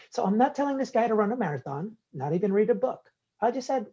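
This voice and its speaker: Husky-voiced man telling stories animatedly. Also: very high-pitched, quick pace, muffled recording. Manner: animated, acts out quoted dialogue. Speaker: guest entrepreneur. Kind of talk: interview storytelling.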